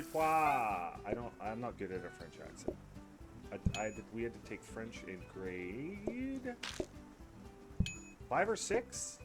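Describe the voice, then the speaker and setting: Laid-back Canadian man rambling over gameplay. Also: on the low side. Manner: relaxed rambling chatter, hums and talks to himself. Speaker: gaming YouTuber. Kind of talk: casual gameplay commentary.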